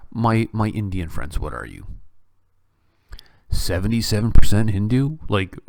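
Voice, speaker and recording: Man, low voice, lively swooping pitch, sarcastic opinion rant, dry sound. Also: no echo. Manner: animated, sarcastic, incredulous rants. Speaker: podcast host. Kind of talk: opinionated political commentary.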